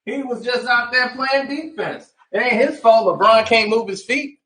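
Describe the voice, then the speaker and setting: A man's voice: very high-pitched, normal speed, bright, forceful tone. A man doing a comic impression of a blustery male sports pundit, delivered in an emphatic, declamatory way. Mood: indignant.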